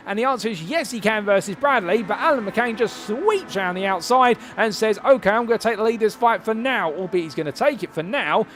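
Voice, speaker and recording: Brief: male race commentator, high bright voice, rattling through live play-by-play. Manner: rapid play-by-play, rising to excited calls. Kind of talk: live sim racing commentary.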